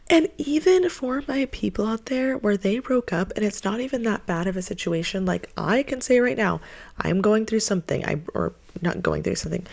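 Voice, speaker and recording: A woman with a somewhat low voice speaks straight to her viewers in a heartfelt relationship-advice vlog. She is earnest and animated and circles back to her phrases again and again to drive them home. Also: gravelly.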